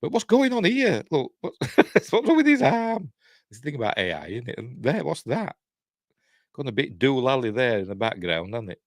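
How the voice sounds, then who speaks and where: An older Yorkshire man hosts a live news stream, casually thinking aloud with wry asides that trail away. His medium-pitched voice is very animated and moves at a moderate pace, recorded dry with studio quality.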